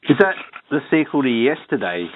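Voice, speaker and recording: A man's voice: medium pitch, sing-song, a little fast. A man co-hosting a comedy podcast, rambling and hesitant in casual chat. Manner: rambling, hesitant, full of ums. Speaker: podcast co-host. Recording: tinny phone-like line with faint noise.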